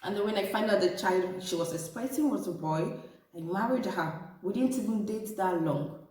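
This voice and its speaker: A woman's voice: medium pitch, moderate pace. Woman telling a story in an echoey room. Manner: animated, addresses viewers as ladies. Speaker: vlogger giving relationship advice. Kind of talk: casual storytelling to camera. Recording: echoey room, distant from mic.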